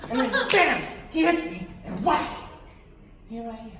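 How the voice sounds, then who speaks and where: A woman's voice: on the high side, big pitch swings, a little slow, recorded from a distance. A woman playing a cocky foul-mouthed young guy. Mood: boastful. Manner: cocky, profane, swaggering storytelling. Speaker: stage actor. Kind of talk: live theatre monologue. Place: theatre stage. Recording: roomy theatre recording from afar, hiss.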